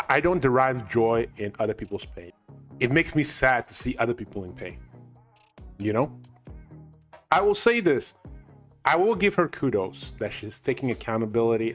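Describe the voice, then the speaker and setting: A man hosting a commentary channel, reacting to clips and giving earnest, reflective advice. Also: medium pitch.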